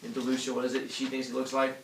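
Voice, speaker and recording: A man teaching a class, reading a story aloud in an animated way and stopping to explain words and quiz the students. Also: medium pitch, rapid-fire, a little hiss or hum. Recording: echoey classroom from far off.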